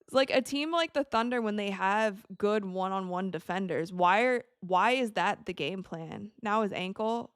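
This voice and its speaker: A woman's voice: mid-range voice, normal speed, hardly any pauses, smooth, no room sound. Young woman streamer, casual game commentary, chatty, dry close sound. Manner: chatty, animated, reacting to plays. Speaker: livestream host.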